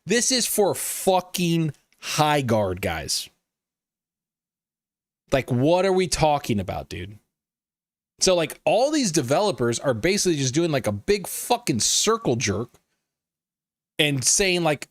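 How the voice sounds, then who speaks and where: A man's voice: a little high, slow pace, no room sound, studio quality. A man hosting a live gaming news stream, talking casually with lots of swearing and riffing with his chat. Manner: profane, animated, riffs and laughs at chat.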